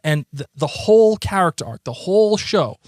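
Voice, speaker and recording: Boston guy podcast co-host, rambly and excited, slightly high voice, dry close sound. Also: normal speed, no echo. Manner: rambling, excitable, many restarts. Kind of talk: casual chat.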